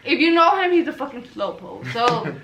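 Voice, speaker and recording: A young woman telling a funny personal story to camera in a casual, animated way, swearing freely and acting out what everyone said. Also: a little high, moderate pace, low-quality recording. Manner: animated, swears freely, acts out quoted lines. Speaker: storytelling vlogger.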